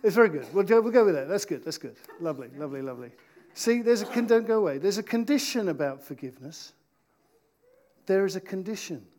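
Guy preaching in church, jokey with volunteers, slows way down on the big points. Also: high-pitched, lively intonation, darkish tone. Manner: playful, slows down for emphasis. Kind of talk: interactive sermon with volunteers.

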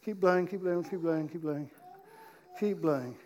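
A man preaching an interactive sermon in church, playful with his volunteers and slowing down to stress key points. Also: a little high, a little mellow. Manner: playful, slows down for emphasis.

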